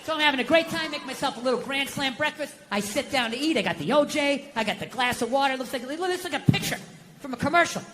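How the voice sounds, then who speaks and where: A man's voice: very high voice, animated, fast talker, in a large hall, noisy background. A middle-aged American man doing stand-up comedy, ranting profanely in an exasperated way and acting out quotes.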